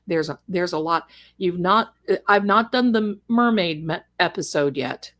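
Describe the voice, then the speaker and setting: Woman, middle-aged, from Germany, unhurried rambling livestream chat, talks to viewers. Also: fairly low pitch, a bit bright. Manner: chatty, rambling, answers viewer comments. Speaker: livestream host.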